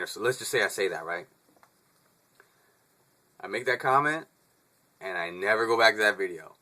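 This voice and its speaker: A man's voice: lowish voice, animated, moderate pace, long pauses, pushed and bright. A young man vlogging in a casual, laid-back rant, swearing freely, laughing often and calling the listener dude.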